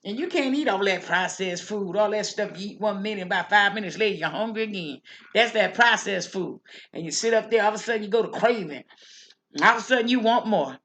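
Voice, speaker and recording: A woman's voice: mid-range voice, a little fast, fairly bright tone, lightly acted. A woman voicing a chatty older church lady who rambles, repeats herself and preaches about living right. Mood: folksy preaching. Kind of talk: character monologue.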